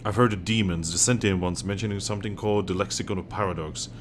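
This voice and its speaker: A man's voice: deep voice, fairly even intonation, fast, a little hiss or hum, lightly acted. A man voicing a thoughtful game companion.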